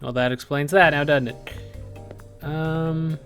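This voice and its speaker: A tired let's play host, musing aloud in a low-key voice while playing a detective game. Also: fairly even intonation, slow, fairly bright tone, faint music behind. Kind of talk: casual game commentary.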